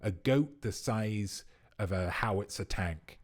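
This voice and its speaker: Playful man hosting a quiz, fairly low voice. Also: slow pace. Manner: playful, rambling riffing on viewers' answers. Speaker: quiz host. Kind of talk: livestream chat with viewers.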